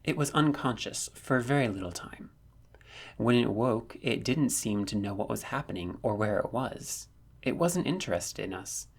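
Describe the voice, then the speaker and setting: A man's voice: mid-range voice, animated, moderate pace, gravelly. A man voicing a curt young woman soldier. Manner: terse, blunt.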